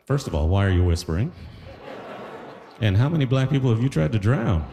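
A male stand-up comedian working a live crowd with animated, jokey storytelling. His pitch swings widely from low mutters to high squeaks. The stage sound rings with long reverb. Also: fairly quick, creaky. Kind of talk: stand-up set.

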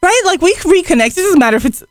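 A woman co-hosting morning radio, with a high voice that swings animatedly as she tells stories and pokes fun at herself. The sound is dry and close. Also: fast, no room sound. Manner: self-deprecating, animated storytelling. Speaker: radio show co-host. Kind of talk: casual morning radio banter.

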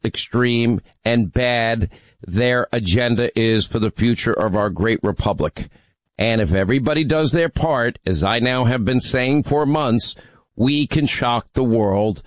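A man's voice: mid-range voice, dry recording. A middle-aged man hosting a talk radio call-in show, speaking in an emphatic, teasing, rallying way. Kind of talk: talk radio, taking calls.

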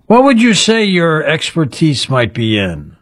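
A man hosting a radio talk show with a fairly high voice that rises and falls with lots of animation. He teasingly quizzes a mystery guest in a playful interview. The sound is dry and close. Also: wildly swooping pitch, unhurried, no room sound.

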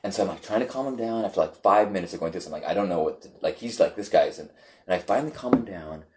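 A man on a podcast telling a story with animated, halting delivery and repeated words. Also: deep voice, noisy background. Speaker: podcast guest. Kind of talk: casual chat, storytelling.

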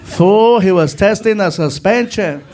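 A man's voice: sits high, expressive, a little slow, very noisy. A man voicing his brash, mouthy pothead friend who keeps calling people "fool". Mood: smug. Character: loud mouthy pothead buddy, adult man.

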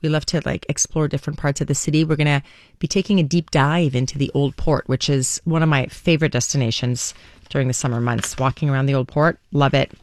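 A woman's voice: deep voice, steady tone, fast talker, dry recording. A woman in her forties hosting a morning radio show, telling stories in a chatty, rambling way, recorded at a studio microphone. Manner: chatty, warm storytelling with many restarts and fillers. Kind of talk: casual talk radio monologue. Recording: dry studio sound.

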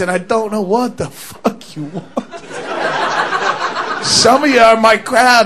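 A man's voice: high-pitched, pushed and bright. A man doing crude, rambling stand-up while sick with the flu, recorded live in a club. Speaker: stand-up comedian. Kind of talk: stand-up comedy.

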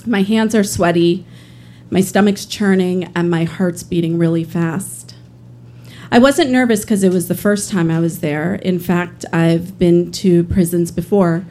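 A woman tells a personal story live, earnest and pausing often with small fillers. Her voice is lowish and mellow, with a faint hiss behind it. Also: fairly even intonation. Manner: earnest, pauses with frequent fillers. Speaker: storyteller, public defender.

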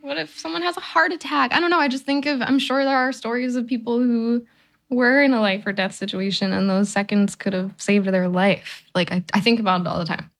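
A woman's voice: a little high, steady tone, fairly quick. A woman in her thirties speaking candidly in an interview, conversational with frequent fillers. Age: 30s. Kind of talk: casual interview.

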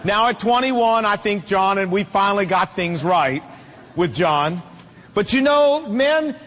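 A man's voice: very high-pitched, animated, a little slow, fairly bright tone, in a large hall. A middle-aged man preaching a sermon, emphatic and telling stories with acted quotes.

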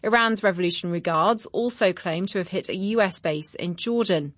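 A female news presenter reading headlines and questioning a correspondent in a clear, formal way. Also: on the low side, fairly quick, no room sound, clean studio sound.

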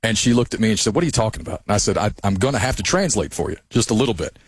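A man's voice: on the low side, expressive, racing, slightly rough. A man from the Blue Ridge Mountains, sitting in as guest co-host and chatting eagerly on radio. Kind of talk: casual radio chat.

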